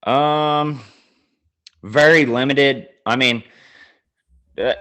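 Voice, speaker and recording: Southern man, podcast co-host, relaxed storyteller, casual. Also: mid-range voice, extremely slow. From American South. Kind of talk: casual chat.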